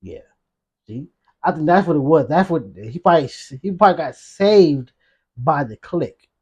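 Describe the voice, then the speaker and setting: A man with a high voice giving casual reaction commentary. He is animated and slangy, and he talks straight back at the footage he is watching. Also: moderate pace, breathy edge, highs cut off. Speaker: reaction video host.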